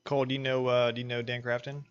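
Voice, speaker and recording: A man's voice: mid-range voice, flat delivery, quick pace, clear, resonant tone. A man giving casual, joking poker commentary, teasing his co-host. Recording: muffled stream audio with noise.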